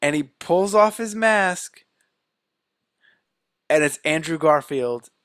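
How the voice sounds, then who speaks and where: A man casually retelling a movie plot in an animated way, often saying "like.". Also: a little high, slow pace, dry recording, studio quality. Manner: animated storytelling, many "like"s.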